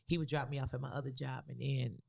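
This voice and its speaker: A woman co-hosting a podcast, telling a personal story in a casual, animated way with loose, vernacular phrasing. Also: a bass voice, fast talker, gravelly. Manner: animated, acts out the people in her story. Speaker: podcast co-host.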